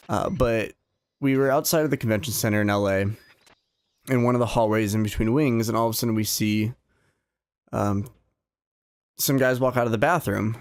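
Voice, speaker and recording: A man's voice: mid-range voice, no room sound. Casual young man narrating his gameplay. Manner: rambling, anecdotal, swears casually. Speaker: gameplay commentator. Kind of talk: casual let's-play commentary.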